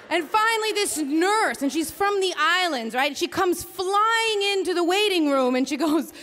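High bright woman telling a funny blunt story on stage, echoey hall. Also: normal speed, few pauses, slight background noise. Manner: animated, comic, blunt and profane. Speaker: storyteller and host. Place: theater stage before a live audience. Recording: reverberant live theater hall.

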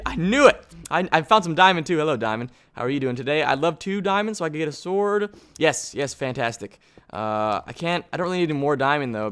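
A man hosting a gaming video, giving excitable commentary on his play and chatting to the objects around him. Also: mid-range voice. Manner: excitable, talks to objects in the game. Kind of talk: gameplay commentary.

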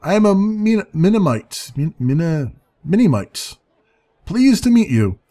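A man voicing a tiny, cheeky male winged sprite with a shrill, squeaky voice. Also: sing-song, measured pace, dark tone. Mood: chirpy. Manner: cheeky, impatient.

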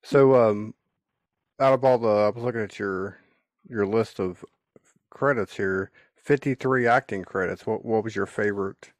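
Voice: medium pitch, measured pace, dry recording. Easygoing podcast host, dry sound. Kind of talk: casual interview.

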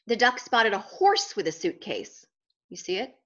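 Woman, reading a picture book aloud, playful questions to kids, higher voice, slightly muffled sound. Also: very animated, a little slow, a bit bright. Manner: playful, questions to young listeners. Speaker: children's book reader.

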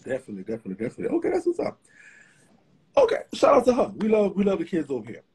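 A slightly drunk man hosts a casual live stream, rambling, cursing, and animated. His rough, hoarse voice carries a Southern US accent, sits high in pitch, and moves at a racing pace.

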